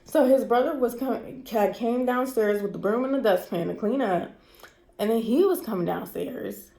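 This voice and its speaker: A woman's voice: fairly high pitch, moderate pace, vocal fry, warm tone. A woman recounts a painful night straight to camera, her voice shaky and stressed. She talks in candid, repetitive bursts, swearing as she goes. The room around her rings with a noticeable echo. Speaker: vlogger. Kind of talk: personal storytime vlog. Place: cold room indoors. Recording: roomy echo.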